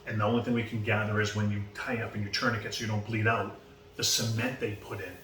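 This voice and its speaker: He talks fast in a fairly low voice: a Boston man in his fifties appearing as a podcast guest, animatedly reenacting who said what in long, casual stories. The mic is distant, the room audible, with faint noise in the background.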